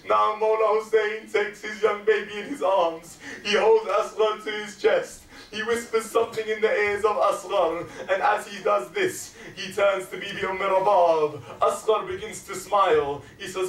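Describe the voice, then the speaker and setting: Impassioned high-voiced male preacher, echoey hall. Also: fairly even intonation, moderate pace, hardly any pauses, a bit bright, far from the mic. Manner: emotional, dramatic storytelling. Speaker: preacher at a mourning gathering. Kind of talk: impassioned sermon narration.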